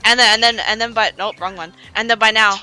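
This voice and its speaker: A woman's voice: a little high, fairly even intonation, fast talker, pushed and bright. A woman streamer casually retelling a story, rambling with many restarts and acting out the characters' lines. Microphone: desk streaming mic. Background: faint pop music.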